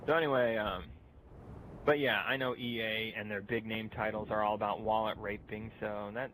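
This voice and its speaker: A man's voice: on the low side, fairly bright tone, a little hiss or hum, rough recording. A young man delivering a mocking, profane rant aimed at other online commentators, laughing at his own jokes. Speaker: youtuber ranting at other channels.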